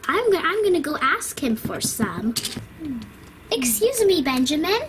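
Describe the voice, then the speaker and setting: A woman's voice: sits high, sing-song, measured pace, over music. A woman voicing a cheerful toddler girl in a toy-doll play video, who giggles and meows at her painting. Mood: delighted.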